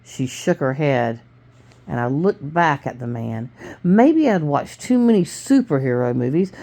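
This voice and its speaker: A woman reading a novel aloud to her family in plain, steady storytelling with small stumbles. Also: low-pitched, measured pace, creaky. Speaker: family reader.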